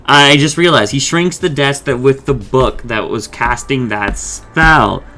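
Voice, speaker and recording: A man of middle pitch with a bright, forceful voice talks through a cartoon episode as a podcast host. He rambles casually, swearing freely and paraphrasing what the characters say, while faint music plays underneath. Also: measured pace. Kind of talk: casual episode recap and discussion.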